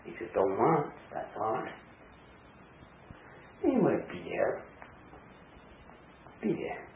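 A man giving a Zen dharma talk on a koan, speaking, halting with many fillers and restarts. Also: medium pitch, huge pitch swings, vocal fry, slight background noise. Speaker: Zen teacher. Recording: echoey room over a tinny phone-like line.

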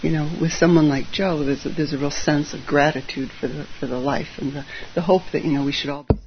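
A middle-aged Zen teacher giving an informal dharma talk, chatty and full of ums, with gentle self-deprecating humor. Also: mid-range voice, steady tone, brisk. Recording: slightly muffled with faint hiss.

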